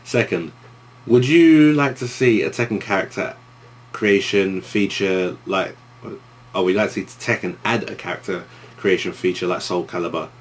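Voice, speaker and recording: A man's voice: deep voice, moderate pace, slightly rough. A young man with an East London accent, answering viewer questions in a casual vlog, rambling with many restarts.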